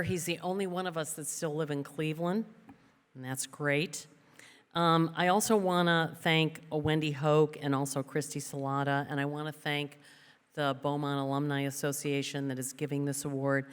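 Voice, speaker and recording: A woman's voice: deep voice, fairly bright tone, clear, resonant tone. Chatty woman speaking in a big hall. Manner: chatty, joking, with fillers. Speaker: award recipient's sister giving acceptance speech. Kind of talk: ceremony speech. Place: large event hall. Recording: long hall reverb.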